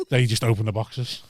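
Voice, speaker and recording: A man hosting a podcast, cheeky and sweary, often breaking into laughs. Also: lowish voice. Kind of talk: casual chat.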